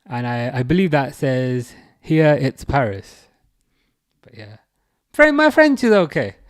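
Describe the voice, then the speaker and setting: This English guy is hosting a live football watchalong, casually reading out messages from viewers and poking fun at them. He speaks at a normal speed in a medium pitch, but his intonation swings hugely up and down.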